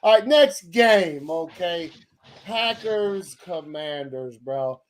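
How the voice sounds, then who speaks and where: His high voice is expressive and unhurried as this man co-hosts a sports podcast. He launches into a casual but heated rant, cursing often and stammering through repeated restarts.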